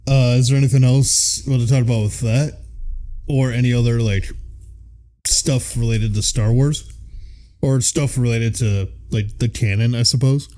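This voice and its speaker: A man hosting a podcast talks in an easy, casual way. His voice sits in a middle pitch, and he wanders through his points with many filler words. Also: moderate pace. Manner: relaxed, rambling, many fillers. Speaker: podcast host.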